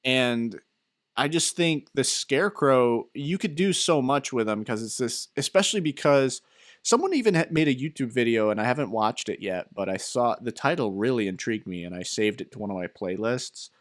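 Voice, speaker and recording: Young dude podcast cohost, rambly storytelling, dry close mic sound. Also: male voice, medium pitch, normal speed, no room sound. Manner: rambling, animated storytelling with laughs. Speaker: podcast co-host. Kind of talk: casual chat.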